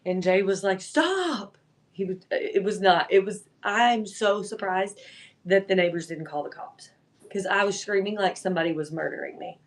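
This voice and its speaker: A woman's voice: mid-range voice, normal speed. A woman hosting a live online sale, chatting casually and telling stories full of fillers like "like" and "um.". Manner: chatty, animated storytelling with filler words. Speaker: live-selling host. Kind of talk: casual livestream chat.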